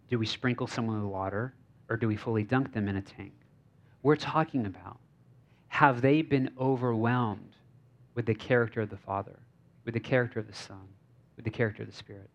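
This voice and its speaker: A male pastor giving a conversational sermon, telling stories informally with frequent fillers and restarts. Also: medium pitch. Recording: slightly dull lo-fi recording.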